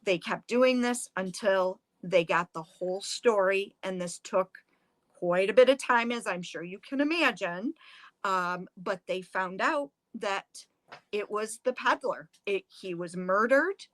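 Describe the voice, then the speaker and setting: A middle-aged woman who directs a museum tells a historical story dramatically and with animation, acting out the quotes. Her medium-pitched voice keeps a measured pace, with no echo.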